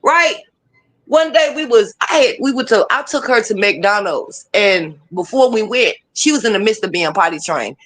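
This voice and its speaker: A woman telling stories in casual chat, profane and lively, laughing often. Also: mid-range voice, moderate pace.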